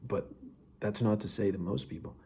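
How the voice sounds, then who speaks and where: A man's voice: fairly low pitch, moderate pace, creaky, warm tone. A young man talking casually and earnestly to camera about Bible verses, often saying "dude" and dropping to near whispers. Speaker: faith vlogger.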